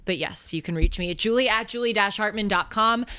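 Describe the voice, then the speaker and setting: Young Boston-accented woman, lively host. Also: mid-range voice, a little fast, clean tone. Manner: lively, laughs easily. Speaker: podcast host. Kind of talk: casual chat.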